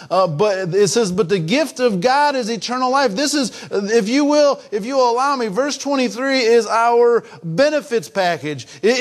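High-voiced older male preacher. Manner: swings between raised emphatic preaching and soft hushed confiding; repeats and restarts phrases. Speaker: pastor. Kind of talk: sermon.

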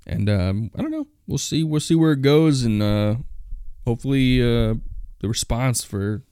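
A man's voice: mid-range voice, sing-song, normal speed, mellow, clean tone, dry recording, studio quality. A young man hosting a solo podcast, ranting bluntly and with plenty of swearing. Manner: blunt, profane, complaining. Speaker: podcast host.

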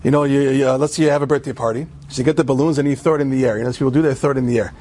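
A man giving an animated storytelling talk to a women's audience, often asking his listeners questions. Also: medium pitch, rapid-fire. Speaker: religious speaker.

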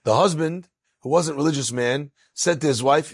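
Male rabbi storyteller, husky, dry close sound, animated delivery. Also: on the high side, moderate pace, no room sound. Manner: animated, acts out quotes with rising excitement. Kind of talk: storytelling lecture.

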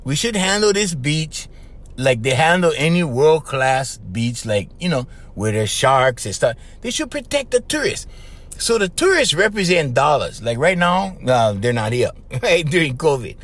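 A man's voice: a little high, sing-song, moderate pace, fairly bright tone. A middle-aged man from Hawaii with a Hawaiian Pidgin-tinged accent, hosting a casual solo podcast, rambling and chuckling, tagging lines with "right?" and "okay?". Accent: Hawaiian Pidgin-tinged English. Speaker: podcast host.

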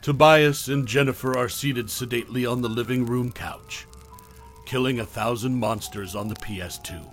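A man's voice: medium pitch, normal speed, soft background music. Man narrating a horror story. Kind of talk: scripted first-person horror narration.

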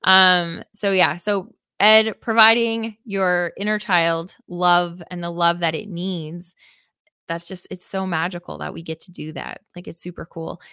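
A woman's voice: lowish voice, steady tone, measured pace, sharp tone, clean tone, dry recording, clean studio sound. Earnest rambling woman podcast host. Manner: earnest, rambling, many "like" and "um" fillers; enthusiastic, emphatic. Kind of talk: casual reflective podcast chat.

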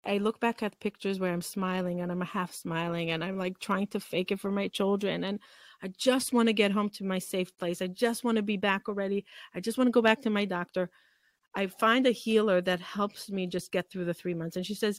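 A woman's voice: medium pitch, brisk, no room sound. Woman telling a raw personal story. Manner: emotional, animated retelling with quoted dialogue. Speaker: podcast guest.

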